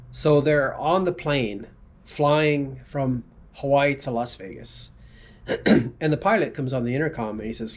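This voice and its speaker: Husky-voiced man telling jokes. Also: mid-range voice. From South Texas. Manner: rambling, jokey, frequent throat clearing. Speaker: tour driver. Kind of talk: casual storytelling.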